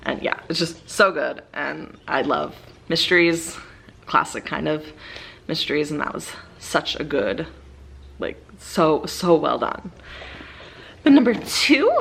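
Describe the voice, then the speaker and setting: A woman's voice: deep voice, creaky, sharp tone, husky. A young woman casually rambling about her favorite books as a book vlogger, with many fillers and eager bursts.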